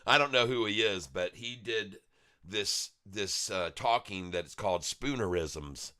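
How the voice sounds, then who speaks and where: Slow-talking goofy man streaming. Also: lowish voice, pushed and bright. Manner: goofy, rhyming, joking. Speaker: livestream day trader host. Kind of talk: casual livestream chat.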